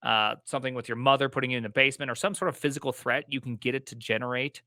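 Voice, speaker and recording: A man co-hosts a casual tech podcast, excitable and jumping between half-finished thoughts. His voice is bright and forward, and the sound is dry and close with no room around it. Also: medium pitch, dry recording. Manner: excitable, talks in quick restarts. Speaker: podcast co-host.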